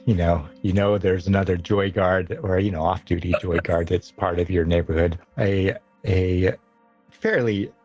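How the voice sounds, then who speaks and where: A man's voice: on the low side, darkish tone. Laughing man running a tabletop game. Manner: laughs often, loose narration. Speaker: game master.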